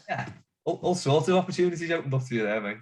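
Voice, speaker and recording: A man's voice: fairly high pitch, lively intonation, quick pace, a little mellow, slight background noise. Bantering man hosting a casual podcast. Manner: joking, banter-filled. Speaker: podcast host. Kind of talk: casual chat.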